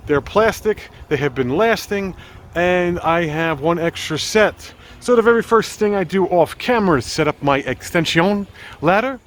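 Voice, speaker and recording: A man's voice: sits high, animated, moderate pace. A man hosting a casual home vlog outdoors, joking around as he walks and talks like a mock game show host. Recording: faint outdoor traffic noise.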